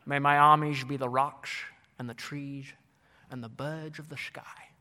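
A man quoting the lines of a calm, absent-minded elderly scholar in a soft, musing voice during a talk. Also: mid-range voice, a little slow. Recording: long hall reverb.

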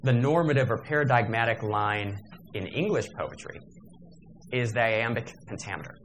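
A man's voice: mid-range voice, normal speed, a little hiss or hum. A man giving a workshop lecture in a discursive, digressive manner, with fillers and self-corrections.

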